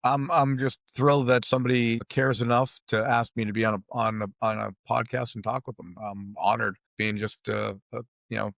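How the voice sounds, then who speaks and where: A man with a Boston accent, a golf coach explaining ideas in an animated way on a podcast over a video call. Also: mid-range voice, fairly quick, gravelly, hardly any pauses, no room sound. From Boston area, USA.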